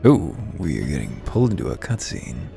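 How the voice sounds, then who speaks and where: A man's voice: a bass voice, sing-song, brisk, gravelly, mellow. A man with hiccups giving wry, profane let's-play commentary over faint game music. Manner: wry, profane, mumbled asides. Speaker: gamer playing through a story.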